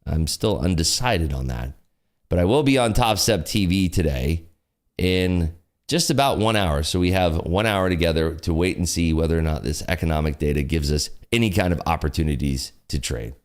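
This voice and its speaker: A man's voice: low-pitched, moderate pace. A man hosting a trading livestream, talking in a rambling, laid-back way with lots of fillers. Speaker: futures trading livestream host. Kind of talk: casual livestream commentary.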